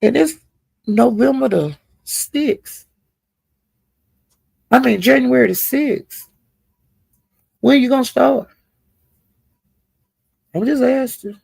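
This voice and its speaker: A man's voice: very high-pitched, slow pace, creaky, long pauses, darkish tone, slightly rough, no room sound. A man giving casual, profane gossip commentary on online live streams and scolding the people involved directly. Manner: talks straight to the people discussed.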